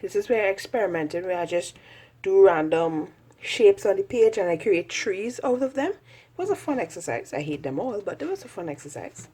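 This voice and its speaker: A woman's voice: mid-range voice, very animated, normal speed, warm tone, husky. A woman chatting casually through a sketchbook tour, rambling and self-mocking, often laughing at her own drawings. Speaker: artist vlogger.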